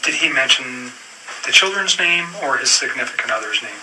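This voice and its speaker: Calm male detective, distant and noisy. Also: mid-range voice, normal speed. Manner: calm, procedural, with frequent fillers. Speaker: police detective. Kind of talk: police interview questioning. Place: police interview room. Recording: distant room recording with clear noise.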